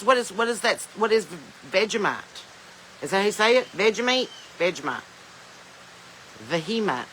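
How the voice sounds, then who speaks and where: Chatty Southern woman with a bright voice. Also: a little high, slight background noise, poor audio. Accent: Southern American. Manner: chatty, joking, laughs often, drawling asides. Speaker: podcast host. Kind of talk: casual livestream chat reading viewer comments. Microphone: phone.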